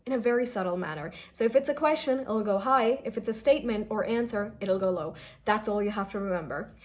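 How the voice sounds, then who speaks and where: Young woman, fairly high voice, explaining pronunciation to viewers, upbeat, chatty. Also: brisk, few pauses. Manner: lively, explanatory, addresses viewers as "you guys". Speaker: English pronunciation teacher. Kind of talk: direct-to-camera video lesson.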